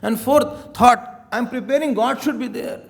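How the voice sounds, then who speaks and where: A man giving a spiritual sermon, animated and acting out little scenes as he teaches. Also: very high-pitched, a little slow, vocal fry. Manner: animated, acts out little scenes, chuckles often. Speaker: swami giving spiritual talks.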